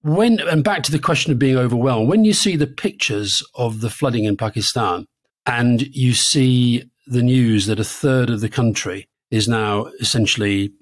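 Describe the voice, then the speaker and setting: A British man at medium pitch talks politics as a podcast co-host in loose conversation. He circles back over his words, restarting phrases as he goes. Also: normal speed. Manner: conversational, repeats words while thinking. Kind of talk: casual political chat.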